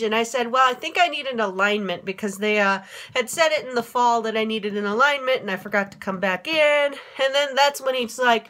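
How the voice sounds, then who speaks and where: A middle-aged woman from Minnesota vents to a handheld camera in a casual vlog. Her voice sits a little high, and she talks in a rambling way, full of fillers, restarts and swearing. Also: a little fast, fairly bright tone. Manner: rambling, swearing, frequent fillers and self-corrections. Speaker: vlogger. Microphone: handheld phone camera, no tripod.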